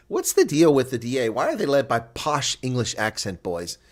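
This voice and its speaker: A man hosting a casual live rugby watch-along, chatting loosely, laughing often and reading viewer comments aloud. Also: medium pitch.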